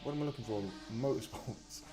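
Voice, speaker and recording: A British man hosts a casual live stream, reading out chat and greeting viewers one by one. He talks close to his desk mic and keeps apologising for the volume while nursing a sore muscle. Music plays clearly in the background. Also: mid-range voice, moderate pace. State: in some pain from a muscle injury.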